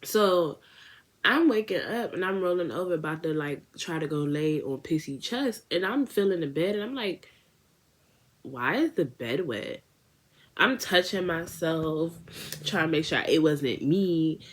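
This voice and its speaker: Low-voiced young woman telling a story. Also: measured pace. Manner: animated casual storytelling with slang. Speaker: beauty vlogger. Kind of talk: storytime vlog.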